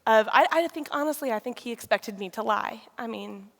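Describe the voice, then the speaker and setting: Gravelly woman in a reverberant hall. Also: fairly high pitch, a bit bright. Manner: candid and confessional, with frequent pauses and restarts. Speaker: speaker sharing a personal testimony. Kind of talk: emotional personal testimony. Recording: long reverb of a large hall.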